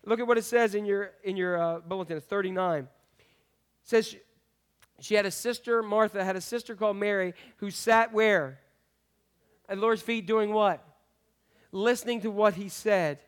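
A man's voice: high-pitched, normal speed, long pauses, clear, resonant tone. A middle-aged man preaching a conversational sermon as pastor, often asking the congregation questions.

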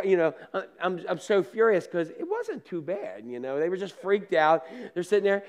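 A male pastor preaching casually, telling lively personal stories, acting out scenes and laughing at himself, with asides to the congregation. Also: high voice, moderate pace, few pauses. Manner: animated storyteller, acts out scenes and laughs at himself.

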